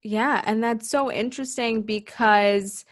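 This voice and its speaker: A woman's voice: on the high side, fairly even intonation, unhurried. A woman interviewing a guest in a casual chat, talking loosely with frequent "like" and "you know".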